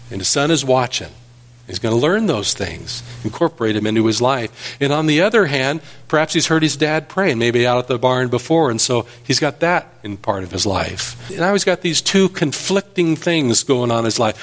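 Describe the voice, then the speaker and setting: A man preaching an earnest sermon as pastor, telling stories and building emphasis. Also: medium pitch.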